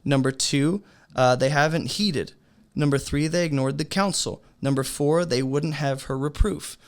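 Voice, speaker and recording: A man teaching a beginner's Bible study lesson in a relaxed, conversational way, asking his listeners rhetorical questions. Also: a little high, normal speed.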